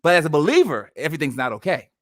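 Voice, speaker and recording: Guy cohosting a faith podcast, high voice swinging all over, really emphatic, dry close sound. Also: very fast, no room sound. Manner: animated, emphatic preaching-like delivery. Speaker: podcast co-host. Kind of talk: faith-based casual discussion.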